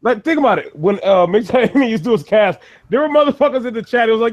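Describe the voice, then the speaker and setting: Casual podcast co-host, high-pitched man, swears freely while ranting. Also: expressive, fast talker. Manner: profane, ranting, laughs often. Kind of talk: casual chat.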